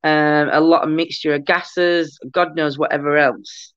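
A woman's voice: sits low, steady tone, a little slow, fairly bright tone, no room sound, dull audio. A woman in casual chat on a paranormal discussion show, talking hesitantly with many ums and repeated starts.

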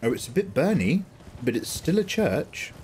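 Lively man streaming a game. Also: on the high side, moderate pace, slight background noise. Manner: joking, teasing, chats back to viewers. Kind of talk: live gameplay commentary.

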